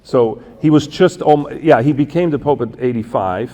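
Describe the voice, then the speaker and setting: A man in his fifties from Switzerland, telling a personal story as a guest speaker, halting and correcting himself with many fillers. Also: mid-range voice, dark tone. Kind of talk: storytelling talk. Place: church event hall. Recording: long hall reverb.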